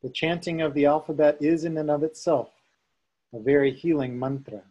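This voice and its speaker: A man teaching a Sanskrit lesson, calmly explaining sounds and chanting tones for students to repeat. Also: a little high, moderate pace, slightly rough, highs cut off. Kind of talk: slow guided chanting lesson.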